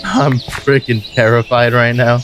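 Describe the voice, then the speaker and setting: A man's voice: mid-range voice, fairly even intonation, a little slow. Guy rambling over his gameplay, goofy self-mocking asides, music playing under him. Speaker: gaming channel host. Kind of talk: let's play commentary.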